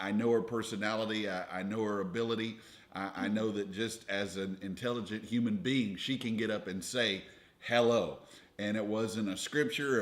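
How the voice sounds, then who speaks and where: A young man co-hosting a ministry video with his wife, giving steady, earnest advice in a casual, preacher-like way. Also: on the low side. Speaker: ministry leader, co-host with wife.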